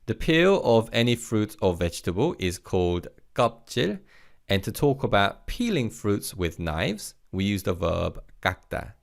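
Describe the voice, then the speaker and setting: A man teaching a recorded vocabulary lesson, leading slow repeat-after-me drills and praising the learner between words. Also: fairly low pitch, sing-song, gravelly. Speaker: language teacher.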